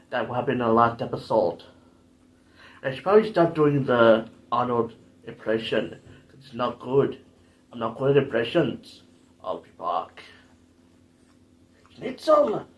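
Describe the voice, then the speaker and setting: A man hosting his own playthrough video, talking in a rambling, jokey, self-deprecating way. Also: medium pitch. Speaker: gaming channel host. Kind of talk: casual game commentary.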